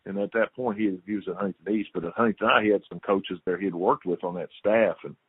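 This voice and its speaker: A man's voice: low voice, quick pace, breathy edge, no room sound. An older man, a former football player, telling stories as a guest in a casual interview, repeating his words and acting out quotes. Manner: lively storyteller, repeats words, acts out quotes. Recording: tinny dry phone line.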